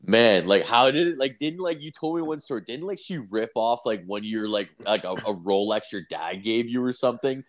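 A man's voice: on the low side, expressive, brisk, few pauses. A young man in casual chat, telling stories in a rambling, profane way, full of fillers.

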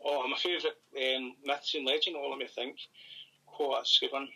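Bright, husky-voiced Scottish man. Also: medium pitch, fairly even intonation, fairly quick, poor audio. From Scotland. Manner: rambling, thinks aloud with many ums. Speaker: paranormal investigator and author. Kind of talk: casual interview chat.

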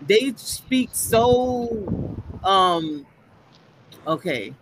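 A woman with a medium-pitched, expressive voice speaks very slowly as a podcast panelist in casual chat. She tells stories animatedly, acting out quoted voices, with background noise audible.

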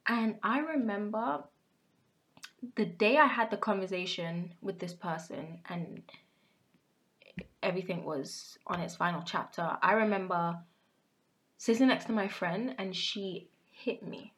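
A young woman hosting a podcast, telling a personal story candidly and often dropping into hushed, whispered asides. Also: medium pitch, a little slow, pauses often. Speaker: podcast host. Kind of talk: casual confessional monologue.

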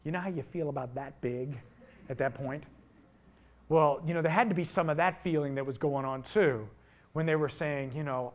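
Man preaching a lively storytelling sermon. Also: fairly high pitch, a little fast. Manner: storytelling, rhetorical questions, rising to loud emphasis. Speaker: pastor.

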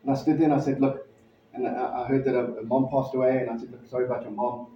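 A pastor telling a personal story in a sermon, conversational and halting, with frequent restarts. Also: male voice, medium pitch, little pitch movement, slight background noise. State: emotional, near tears. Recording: distant mic in echoey hall, dull sound.

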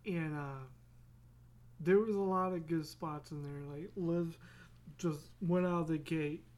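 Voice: medium pitch, fairly even intonation, measured pace, a little mellow. A podcast host talking in a loose, rambling way, laughing often and restarting words as they go. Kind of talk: casual rambling solo podcast.

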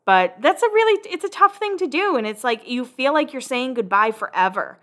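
A young woman chats through a show recap in a bright, forward voice. She talks loosely and swears freely as she goes. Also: sits high, fairly quick. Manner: chatty, swears freely, quotes people in animated voices. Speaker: podcast host recapping a reality show. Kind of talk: casual recap chat.

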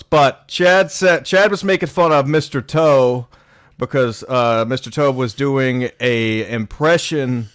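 Male podcast host, middle pitch, rambling lead-ins, dry close mic. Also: clean tone, no echo. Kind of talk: casual podcast chat.

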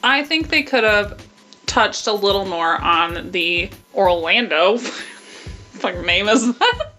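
A woman's voice: mid-range voice, very animated, takes it slowly, bright, forceful tone, soft background music. A young woman co-hosting a podcast in casual chat, playful and teasing, giggling often. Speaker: podcast co-host.

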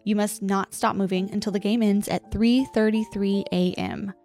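Woman podcast co-host, steady mid-pitched voice, deliberate rule-reading, faint music behind. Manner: reads rules slowly and deliberately, laughs often. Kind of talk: casual podcast chat, reading out game rules.

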